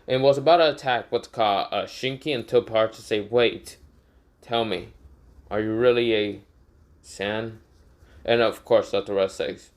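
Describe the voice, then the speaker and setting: A young man with a somewhat low voice tells a made-up story off the cuff. He rambles, stopping often to search for words and correct himself. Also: a little slow. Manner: rambling, frequent fillers and self-corrections. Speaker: fan storyteller. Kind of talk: casual improvised story narration.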